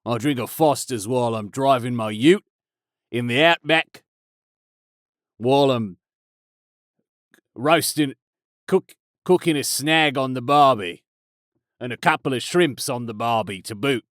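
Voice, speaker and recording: A man's voice: medium pitch, measured pace, pauses often, a bit bright, no room sound, studio quality, close to an everyday voice. A man voicing a stereotypical beer-loving Australian bloke with a jokey, exaggerated mock-Australian accent.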